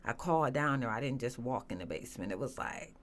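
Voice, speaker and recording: A woman telling her personal story as a guest, earnest and halting, with many restarts and fillers. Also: rumbling low, lively intonation. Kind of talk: emotional personal testimony.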